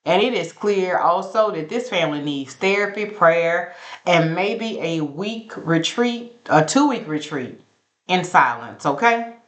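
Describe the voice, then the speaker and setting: A woman's voice: fairly low pitch, expressive, a little slow, echoey room. A woman, sassily recapping a reality show episode in a casual, gossipy commentary straight to her viewers.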